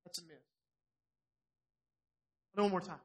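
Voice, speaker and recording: A middle-aged man preaching a sermon to a congregation in a church, animated and challenging as he voices scripture. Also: normal speed. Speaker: pastor.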